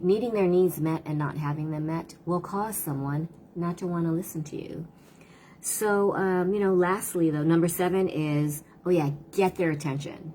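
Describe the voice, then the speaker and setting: A woman's voice: lowish voice, mellow, slight background noise. A middle-aged woman giving casual parenting advice on a live stream, earnest and talkative, often acting out what kids and parents say. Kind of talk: casual advice talk to camera.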